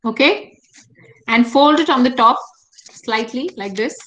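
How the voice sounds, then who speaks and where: A woman's voice: on the high side, unhurried, pushed and bright, muffled recording. A woman with an Indian English accent leading an interactive online workshop, often asking her listeners questions and prompting them to answer. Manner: engaging, asks the audience frequent questions. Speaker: workshop speaker. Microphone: video call.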